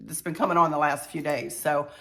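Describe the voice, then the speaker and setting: An older woman with a head cold, talking to camera about her home decor channel in an unhurried, heartfelt, chatty way. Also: sits low, flat delivery, a bit bright. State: stuffy-nosed with a cold. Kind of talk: casual heartfelt talk to camera.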